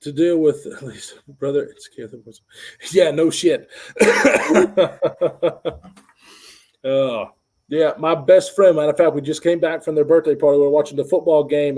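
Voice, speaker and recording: A man's voice: on the high side, mellow. A man co-hosting a casual chat, laughing often, swearing and tripping over his words. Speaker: co-host.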